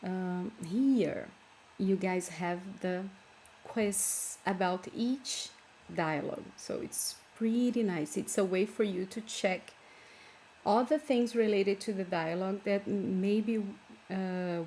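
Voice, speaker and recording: Slow-paced Brazilian woman teaching. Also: medium pitch, dark tone, slight background noise. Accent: Brazilian Portuguese. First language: Portuguese. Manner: patient, explains step by step, searches for English words. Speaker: language teacher. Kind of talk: online language lesson.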